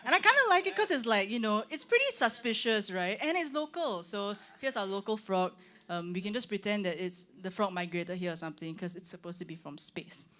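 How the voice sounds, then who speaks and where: A woman's voice: mid-range voice, lively intonation, a little fast, few pauses, fairly bright tone. A young woman, a singer chatting casually on a livestream, rambling with lots of "like" and "um". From Singapore. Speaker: singer hosting her own launch stream. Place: room with her band.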